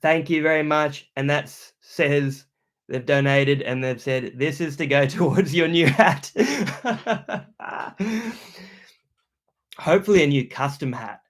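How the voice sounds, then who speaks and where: A young adult man with an Australian accent, chatting loudly and casually on a livestream as he reads out viewer comments, full of slang. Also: fairly high pitch, moderate pace. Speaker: YouTuber hosting a livestream.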